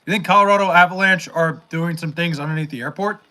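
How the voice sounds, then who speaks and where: A man's voice: fairly high pitch, fast talker, sharp tone. A young man hosting a casual livestream, reading chat and rambling with profanity, fillers and restarts.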